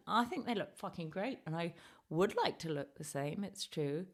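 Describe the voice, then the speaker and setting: A woman's voice: fairly low pitch, animated, normal speed. A woman in her fifties hosting a podcast as a ventriloquist, chatty and self-deprecating in casual comedic talk. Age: 50s.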